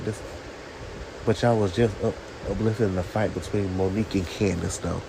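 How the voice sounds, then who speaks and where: A man's voice: low voice, steady tone, moderate pace, gravelly, background noise. A man reviewing a TV show in a sassy, opinionated rant, talking straight to his viewers.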